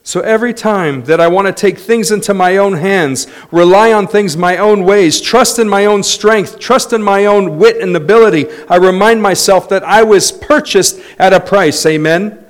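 A man preaching a sermon, moving between quiet, low passages and loud, lively ones, with laughter. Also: moderate pace, hardly any pauses. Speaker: pastor.

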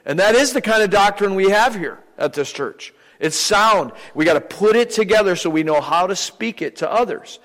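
An older man delivering a sermon, chatty and wry, acting out small stories as he goes. His voice sits a bit high for a man, and it hangs in the long reverb of a church hall. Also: animated, moderate pace, few pauses, fairly bright tone. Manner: humorous, conversational preaching with acted-out anecdotes. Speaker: visiting preacher. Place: church sanctuary.

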